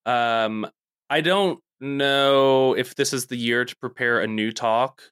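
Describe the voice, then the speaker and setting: A man's voice: medium pitch, takes it slowly, a bit bright, smooth, no room sound. Man, podcast co-host, casual chat, playful, dry sound. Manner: playful, self-mocking humor.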